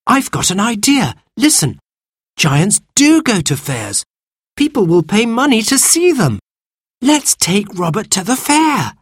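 A man voicing an excited young girl in a high, girlish voice. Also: a little slow, husky, dry recording, clean studio sound, heavily acted. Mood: eager.

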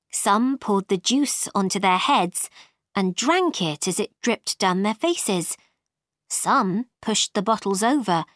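A woman reading a storybook aloud in a clear, expressive manner. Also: mid-range voice, dry recording, clean studio sound.

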